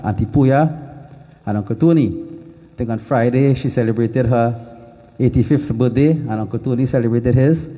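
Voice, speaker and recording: A man's voice: mid-range voice, warm tone. A man leading a temple celebration, making rambling, informal announcements and birthday wishes. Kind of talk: hosting a religious gathering. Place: temple hall.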